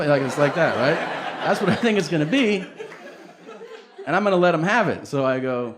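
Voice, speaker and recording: A man performing stand-up comedy, telling stories in a profane, animated way and acting out both sides of each exchange. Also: fairly quick. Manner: animated, profane, acts out both sides of dialogues, voice jumping high for disbelief. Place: comedy stage before a laughing audience. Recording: live stage mic with audible noise.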